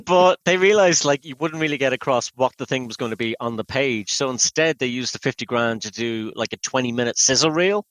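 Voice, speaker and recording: A man's voice: medium pitch, a little fast, few pauses, a bit bright, no room sound, rough recording. Enthusiastic male podcast host, dry sound. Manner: enthusiastic, rambling film recap. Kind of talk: casual chat. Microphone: podcast microphone.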